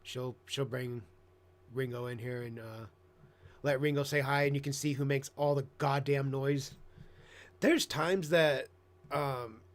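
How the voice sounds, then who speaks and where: A man's voice: measured pace, long pauses. Profane laid-back man streamer. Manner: profane, rambling, bursts into excited squeaky voices mimicking himself. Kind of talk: casual live-stream chat. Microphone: headset.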